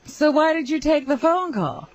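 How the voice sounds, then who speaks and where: A man's voice: very high-pitched, very animated, normal speed, highs cut off. A male radio co-host making amused comments and prodding questions.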